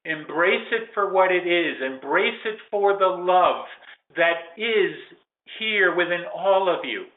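A man channeling a calm, benevolent male ascended spirit, speaking in slow, measured, solemn pronouncements. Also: high voice, pitched below the performer's own voice. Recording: echoey room, tinny phone-like sound.

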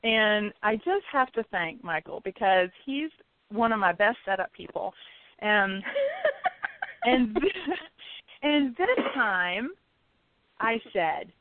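A woman's voice: medium pitch, animated, slow, long pauses, no echo. A woman telling a personal story casually, laughing often and acting out her own reactions. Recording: tinny phone-line sound.

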